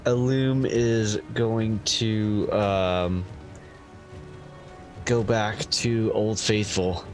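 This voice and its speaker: A man playing a tabletop game, speaking hesitantly with pauses. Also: lowish voice, fairly even intonation, faint music behind. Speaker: player.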